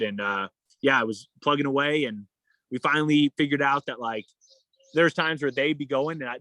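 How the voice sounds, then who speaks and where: An endurance athlete in a casual interview, this man has a fairly bright voice, caught on a dry, rough recording. His long story rambles with plenty of fillers, and he acts out other people's lines in a higher pitch.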